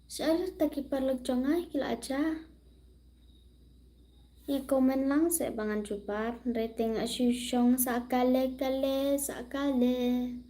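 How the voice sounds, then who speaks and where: Casting: woman livestream host, slow unhurried delivery, slightly high voice, slips into whispers and mixes languages. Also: steady tone. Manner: drifts into soft whispers; switches between languages mid-sentence. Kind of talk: casual livestream chat.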